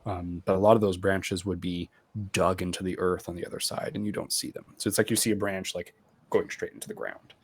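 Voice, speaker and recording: A man's voice: low-pitched, flat delivery, a little fast, husky. A man narrating as game master of a tabletop game, rambling with many fillers. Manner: rambling, full of "like" and "um".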